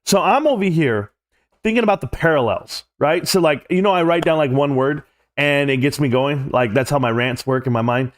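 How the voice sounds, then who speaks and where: A man's voice: on the high side, normal speed. A man hosting a livestream, talking straight to his chat in a rambling, blunt, mildly profane rant. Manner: addresses chat directly. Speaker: livestream host.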